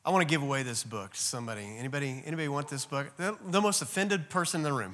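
Male pastor, slightly high and bright tone, casual preaching style, long hall reverb. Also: racing, hardly any pauses, slight background noise. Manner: casual, joking with the congregation. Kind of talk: sermon.

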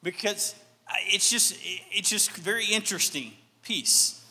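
A man's voice: high voice, expressive, unhurried, sharp tone, long reverb tail. A man from Alabama with a light Southern accent, preaching a sermon with folksy, self-deprecating storytelling. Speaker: pastor.

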